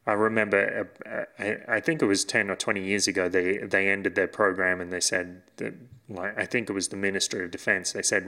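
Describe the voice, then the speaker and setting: A man's voice: sits low, fairly even intonation, fairly quick, sharp tone. A man co-hosting a casual podcast chat, telling stories and laughing often. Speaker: podcast co-host.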